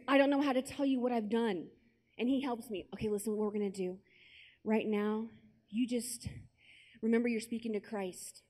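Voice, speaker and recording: A young American woman giving a personal testimony at a conference, telling her story with lively acted-out asides and quotes. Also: a little high. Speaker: conference speaker. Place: large conference hall with an audience.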